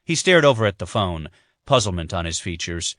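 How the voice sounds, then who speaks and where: In a low voice, a male narrator delivers a thriller audiobook evenly and deliberately. The close, dry recording carries no room sound.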